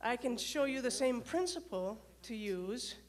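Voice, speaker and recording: A woman who coaches leaders gives a lively motivational talk to a live audience. She asks the crowd questions and tells stories from her days as an emergency dispatcher. Her voice sits a little high. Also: a little slow.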